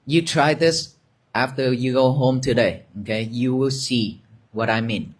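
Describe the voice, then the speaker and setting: Man, meditation teacher, very slow, gentle, repetitive, mid-pitched. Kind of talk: guided meditation talk.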